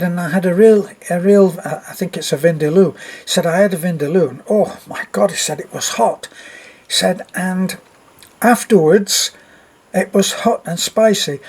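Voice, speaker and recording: A man's voice: high voice, darkish tone. An older man vlogging about expat life, casually retelling a friend's embarrassing story with lots of quoted speech and wry humor.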